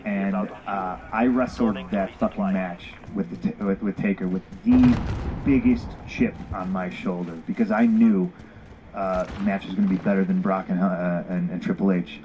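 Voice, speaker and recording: A man's voice: on the low side, warm tone, highs cut off, slight background noise. A man telling a story bluntly with lots of swearing, acting out both sides of old conversations. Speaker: former pro wrestler telling a story. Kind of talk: casual candid storytelling.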